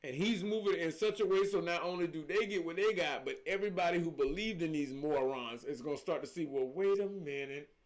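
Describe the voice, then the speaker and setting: A middle-aged man, speaking in a fairly high voice. He talks casually on a livestream as a spiritual coach, and he preaches with emphasis and repeats his points. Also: quick pace, few pauses. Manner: emphatic, preachy storytelling with repetitions.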